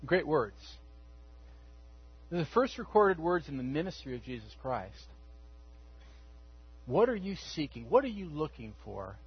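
High-voiced, husky male preacher. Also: big pitch swings, a little slow, pauses often, lo-fi sound. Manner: conversational storytelling, acts out quotes. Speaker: pastor. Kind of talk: sermon.

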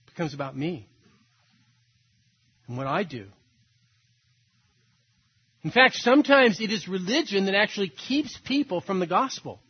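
Husky-voiced male preacher, lo-fi. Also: on the high side, moderate pace, pauses often. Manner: preacher who acts out voices of others, rising to emphatic peaks. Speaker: pastor. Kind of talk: sermon.

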